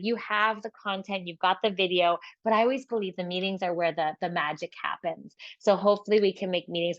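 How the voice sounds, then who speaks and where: A woman's voice: fairly low pitch, dry recording, highs cut off. Chatty woman hosting an online course. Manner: chatty and encouraging, with frequent fillers and restarts. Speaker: host of an online course open house. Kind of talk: casual webinar walkthrough.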